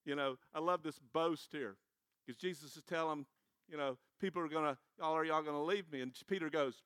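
A man preaching a sermon, animated and conversational, dropping casual slang and laughing as he goes. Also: a little high, a little fast, clean tone, no echo, studio quality. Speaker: pastor.

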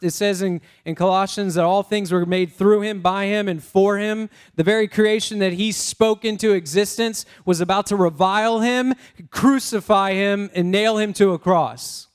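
A man preaching a lively sermon, prompting the congregation to repeat words and talking in a casual, self-interrupting way. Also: high-pitched, smooth. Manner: energetic, call-and-response with congregation. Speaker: pastor.

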